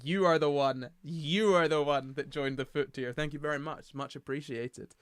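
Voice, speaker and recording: A man's voice: fairly high pitch, fairly even intonation, normal speed, smooth, dry recording, studio quality. A tired young man from the United Kingdom, rambling and self-mocking as he hosts a casual livestream and reads the chat aloud. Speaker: livestream host.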